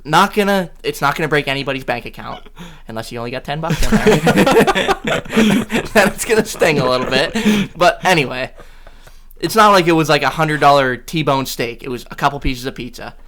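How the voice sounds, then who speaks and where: This is a young man, a podcast co-host, telling a story with mounting exasperation. His voice sits on the higher side. He talks casually and with plenty of energy. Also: animated, moderate pace, a bit bright.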